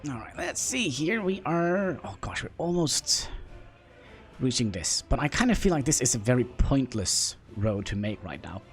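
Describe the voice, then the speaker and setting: A man from Norway with a Norwegian accent, chatting with viewers while playing a game, halting and self-deprecating. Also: mid-range voice, big pitch swings. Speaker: livestreamer. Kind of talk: casual gameplay livestream commentary. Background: faint background music.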